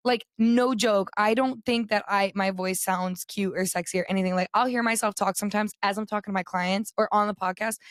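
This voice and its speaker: A young woman with a slightly raspy voice, co-hosting a podcast in an animated, chatty casual chat. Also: mid-range voice, a little fast, no room sound, clean studio sound. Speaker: podcast co-host.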